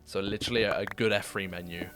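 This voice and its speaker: A young British man chatting casually with viewers during a live game stream, laughing often and jumping to high-pitched disbelief. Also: steady tone, quick pace, fairly bright tone, faint music behind. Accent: British English. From United Kingdom. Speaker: livestreamer.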